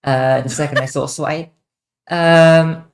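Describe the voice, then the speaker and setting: A woman's voice: deep voice, fairly even intonation, takes it slowly. Rambling young woman answering chat. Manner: rambling, repeats words, many ums. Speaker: streamer host. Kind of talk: casual livestream Q&A.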